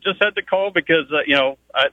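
A man's voice: on the high side, brisk, dry recording. A man from Pennsylvania calling in to a radio show, talking with hesitant fillers. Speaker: caller. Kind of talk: call-in radio talk. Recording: tinny phone line.

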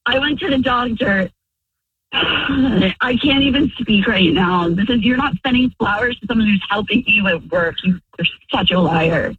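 A woman's voice: mid-range voice, normal speed, husky, no room sound, distant mic. A woman on a phone call, angrily confronting her husband as a radio prank plays out. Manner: upset, accusing, shouting at times. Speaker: caller's wife on a radio prank. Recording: muffled phone line.

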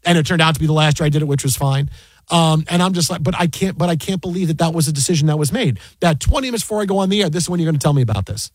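Middle-aged male sportscaster, quick animated storyteller, bright high voice, dry booth sound. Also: slightly rough, no echo. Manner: animated, acts out quoted dialogue, many restarts. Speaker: sports broadcaster and podcast guest. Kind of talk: casual storytelling chat.

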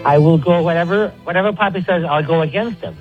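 A man's voice: high-pitched, fast, faint music behind. A man calling in as a regular to a sports radio show, chatting in an offhand, rambling way over a phone line. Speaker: regular caller. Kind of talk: casual call-in banter.

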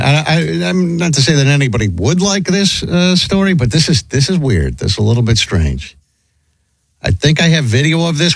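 A male talk radio host speaks into a studio mic in a dry, close sound. His voice sits at a middle pitch with lively intonation, and he rambles with fillers and chuckles. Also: no echo.

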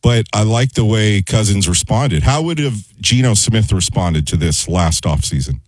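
A man's voice: fairly low pitch, animated, moderate pace, dry recording, rough recording. A man on a sports talk show giving earnest, upbeat team analysis in casual studio chat.

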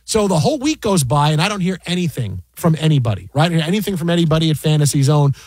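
Husky high-voiced man telling a story. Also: very fast, no echo. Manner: animated, exasperated retelling with repeated asides. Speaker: fantasy football broadcaster. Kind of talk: casual storytelling on a podcast.

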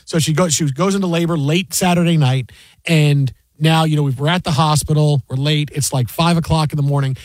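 A middle-aged man hosting sports talk radio, telling stories with lively acted-out quotes. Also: a little high, brisk, no room sound, poor audio. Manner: animated storyteller, acts out quotes loudly.

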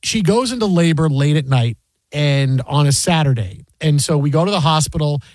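High-voiced animated man, dry studio. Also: moderate pace, no echo. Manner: animated storyteller, acts out quotes loudly. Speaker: sports radio host. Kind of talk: casual sports talk.

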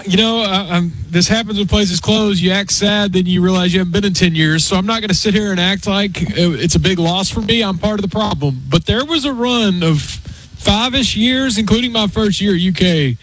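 Wry high-voiced radio co-host. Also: male voice, moderate pace, fairly bright tone, low-quality recording. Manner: wry, self-deprecating. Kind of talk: casual sports radio chat.

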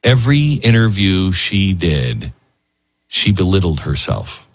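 A man's voice: deep voice, big pitch swings, slow, dry recording. A man hosting a talk show, speaking in a loose, emotional way with lots of fillers and restarts. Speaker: radio host. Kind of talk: casual on-air talk.

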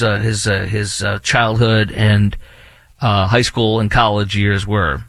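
A man's voice: lowish voice, level tone, slow, fairly bright tone, dry recording. A man hosting an opinionated commentary monologue, indignant and repetitive, with many fillers and restarts. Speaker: political commentary host.

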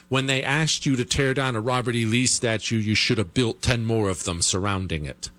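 A man's voice: fairly even intonation, normal speed, hardly any pauses, fairly bright tone. A man hosting a talk radio show, delivering an opinionated, sarcastic monologue. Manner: sarcastic, mocking with high put-on whiny voices.

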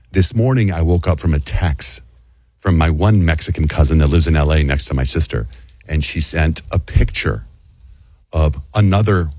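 A man hosting a morning radio show, telling chatty stories and doing animated voices when he quotes people. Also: low-pitched, husky, dry recording. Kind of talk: casual morning radio banter. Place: radio studio.

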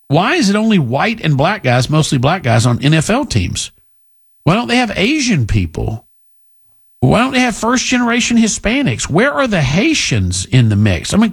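A man's voice: high voice, vocal fry, breathy edge. A middle-aged man hosting a talk radio show, delivering a blunt, combative, opinionated monologue.

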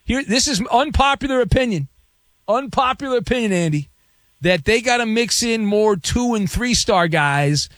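A man's voice: very high voice, expressive, normal speed, a bit bright, dry recording, clean studio sound. A man hosting a call-in sports radio show, wisecracking and sarcastic with callers. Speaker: radio sports talk host. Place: radio studio.

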